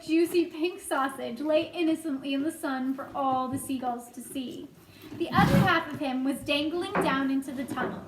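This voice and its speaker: A woman's voice: high-pitched, far from the mic. A woman reading a children's book aloud, adding friendly asides for her listeners. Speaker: storytime reader. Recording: echoey room with faint noise.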